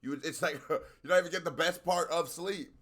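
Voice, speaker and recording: Against heavy background noise, a man talks a little fast while hosting a music reaction video. His casual, blunt commentary is loaded with profanity and punctuated by frequent high-pitched exclamations.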